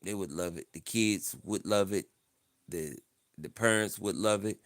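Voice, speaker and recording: With a low-pitched voice at a measured pace, a livestream host keeps things casual and playful. He brags in mock-campaign style, saying the same lines again and again.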